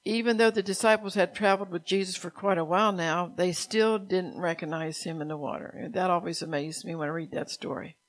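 A woman preaching a sermon, reading scripture and speaking God's words to her listeners, at times softly. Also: on the low side, fairly even intonation, brisk, hardly any pauses.

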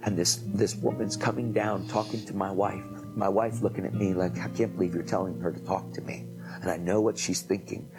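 A man preaching, telling an animated testimony story and acting out the people in it. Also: low-pitched, a little fast, vocal fry, over music, poor audio. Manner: animated storytelling, acts out quoted voices. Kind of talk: emotional testimony.

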